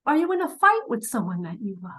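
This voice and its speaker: A woman giving a spiritual talk straight to the viewer, dramatic and preachy, swinging between loud urging and hushed asides and pressing the listener with pointed questions. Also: on the high side, sing-song, fast, poor audio. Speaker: spiritual teacher. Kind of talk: direct-to-camera spiritual talk.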